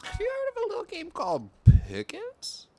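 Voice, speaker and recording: A man's voice: very high voice, huge pitch swings, normal speed, warm tone, soft background music. A young man chatting casually while he streams a game, rambling with many fillers and swearing now and then at what happens on screen. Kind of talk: casual chat while gaming.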